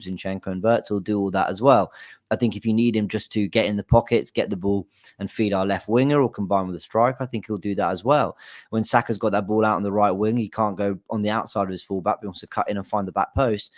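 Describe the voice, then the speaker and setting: A man's voice: lowish voice, a little mellow, no echo, studio quality. A man co-hosting a fan podcast, thoughtful and explaining at length. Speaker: podcast co-host. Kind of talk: casual football chat.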